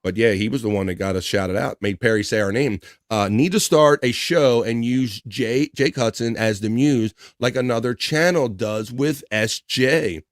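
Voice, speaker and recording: A man's voice: medium pitch, normal speed, hardly any pauses, no echo. Middle-aged male stream host, upbeat chatter over viewer messages, dry close mic. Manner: upbeat, chatty, often laughing. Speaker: livestream host. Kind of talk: casual livestream chat reading viewer comments.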